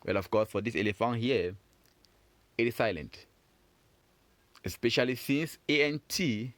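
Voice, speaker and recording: A man teaching a French phonics lesson for children, encouraging and repeating words slowly for learners. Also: mid-range voice, fairly bright tone, dry recording.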